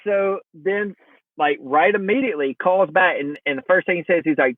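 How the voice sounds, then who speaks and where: A man's voice: sits high, normal speed, no room sound. A man, a podcast guest, telling a story in casual conversation and acting out the dialogue of the people in it. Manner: animated, acts out quoted dialogue. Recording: tinny phone-line sound.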